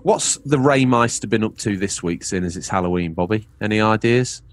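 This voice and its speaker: A man's voice: on the low side, animated, moderate pace. A man co-hosting a podcast, playful and jokey, reading game release news between laughs. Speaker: podcast co-host. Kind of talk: casual podcast chat and game-release readouts.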